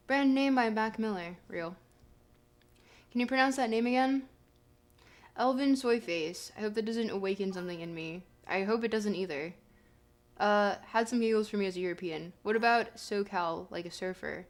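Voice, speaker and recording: A woman's voice: mid-range voice, moderate pace. A young woman streaming live, chatting casually and joking as she reads her chat aloud.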